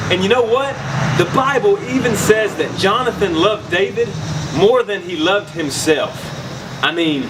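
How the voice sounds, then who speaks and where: Man, kids' Bible lesson host, bright and animated, fairly high voice, noisy background. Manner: upbeat, enthusiastic, leads call-and-response.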